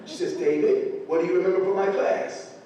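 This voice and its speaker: A man's voice: high-pitched, steady tone, brisk, mellow. A man in his forties giving a humorous motivational speech to teachers, telling stories with acted-out quotes and folksy grammar. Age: 40s. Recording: echoey hall from far off.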